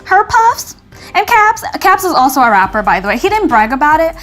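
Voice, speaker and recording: A young woman casually telling a story to her viewers, chatty and animated, acting out what people said. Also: high voice, fairly quick, faint music behind. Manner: chatty, animated, acts out quotes, frequent "like".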